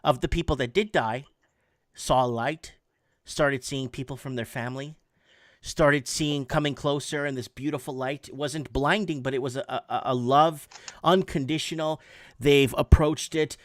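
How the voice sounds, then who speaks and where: A man in his forties telling a story in a casual, animated way, often repeating words for emphasis. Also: medium pitch, unhurried, dry recording, clean studio sound. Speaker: podcast host.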